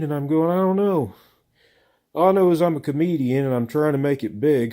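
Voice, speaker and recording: A man's voice: medium pitch, normal speed, warm tone. A man from the American South, a comedian telling a rambling, profane, self-mocking story to camera with lots of filler. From Southern United States. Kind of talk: rambling casual monologue.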